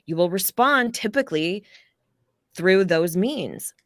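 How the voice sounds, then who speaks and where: A woman life coach explaining ideas in a casual, animated podcast interview, with occasional swearing. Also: medium pitch, slow pace, dry recording, clean studio sound. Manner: animated, explanatory, acts out quoted people.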